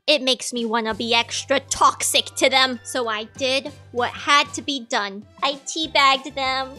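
Young female gamer host, high bright voice, cocky joking voice-over, game music behind. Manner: playful, mock-boastful, trash-talking. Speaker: gaming channel host. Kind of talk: comedic gameplay voice-over.

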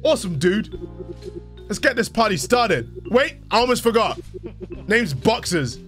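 A laid-back glove creature from a horror game talks in relaxed, slangy dude speech, as a man reads him. The voice stays close to his own, with a lively swing in pitch. Faint music plays behind. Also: a little slow, heavily acted. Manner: casual slangy dude talk.

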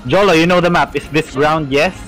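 A man playing a video game with friends, blurting out excitable reactions in casual banter. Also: fairly high pitch, fairly quick, music in the background. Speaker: let's play gamer.

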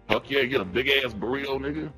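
Speaking quickly in a mid-range, fairly everyday voice, this man plays a prank caller in online voice chat while faint music runs behind him. His crude, pushy young troll teases and badgers in slangy banter, and the whole comedic role-play has a cheeky, brash, sing-song liveliness.

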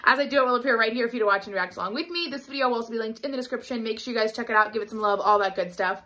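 Bubbly young woman reacting excitedly. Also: fairly high pitch, very fast. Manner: gushing, emotional, squeals and laughs often. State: out of breath. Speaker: cheer reaction vlogger.

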